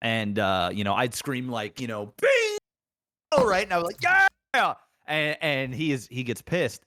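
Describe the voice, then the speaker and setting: Podcast co-host, young man, mid pitch, relaxed rambling storyteller, dry close-miked sound. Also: moderate pace, no echo. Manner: relaxed, rambling anecdotes with fillers. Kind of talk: casual chat.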